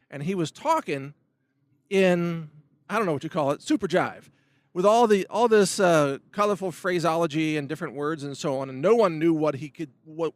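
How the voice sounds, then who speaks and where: A man's voice: fairly high pitch, a bit bright, no room sound. A middle-aged man hosting his own show, giving an emphatic opinion monologue that rambles with restarts and asides. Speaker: host of a video commentary show.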